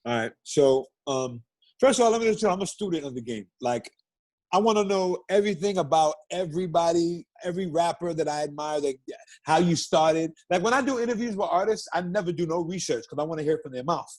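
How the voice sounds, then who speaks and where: A middle-aged man, guesting on an interview and telling stories in a loose, profane, animated way. His voice sits high for a man. It has a husky, slightly raspy grain. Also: quick pace. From Brooklyn, New York. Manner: animated, profane storyteller who acts out quotes. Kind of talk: casual storytelling interview.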